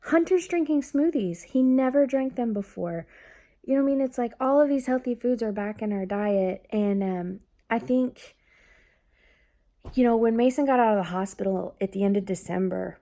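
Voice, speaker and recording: Chatty mom rambling through fillers. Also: female voice, fairly high pitch, normal speed. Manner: grows lively and excited when telling family stories. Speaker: mother talking about her family. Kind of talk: casual vlog chat.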